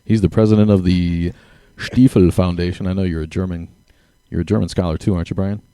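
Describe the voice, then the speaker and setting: A man's voice: deep voice, steady tone, quick pace, mellow, smooth, no room sound, clean studio sound. A man hosting a live podcast, upbeat as he introduces his guest and reads out a bio. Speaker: podcast host. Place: small room in a downtown venue.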